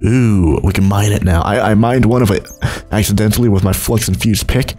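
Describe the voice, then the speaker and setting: A man's voice: a little fast, a little mellow, soft background music. A young man narrating his Minecraft let's play, rambling and chuckling as he goes. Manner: rambling, chuckling, jumps between low mumbles and high exclaims. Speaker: gaming YouTuber.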